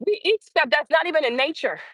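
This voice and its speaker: A woman in her forties ranting on a casual live stream, blunt and animated, repeating phrases for emphasis. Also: sits high, fast, no echo. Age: 40s.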